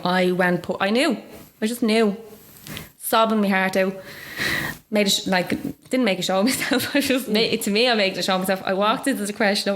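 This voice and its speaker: A woman in her thirties with a Dublin Irish accent, telling her story in a chatty interview, full of "like" and quoted dialogue. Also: mid-range voice. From Ireland. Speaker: guest.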